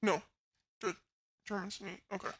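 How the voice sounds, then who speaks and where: A woman's voice: mid-range voice, steady tone, moderate pace, a bit bright, husky. A woman chatting casually to her live stream chat from her room at home, laughing often and talking to viewers. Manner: giggly, chatty, talks to chat. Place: bedroom at home.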